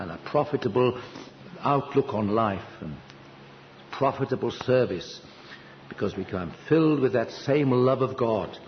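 An older man preaching a sermon at a conference, telling a personal story earnestly, with sudden lifts of pitch for emphasis. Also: slight background noise. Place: conference hall. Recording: dull, slightly lo-fi hall recording with reverb.

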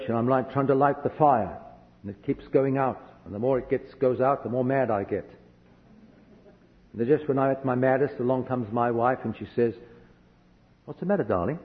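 A man from a hot country preaching a sermon, telling a personal story earnestly and vividly. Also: mid-range voice. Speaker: visiting preacher. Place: church hall. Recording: echoey hall, dull lo-fi sound.

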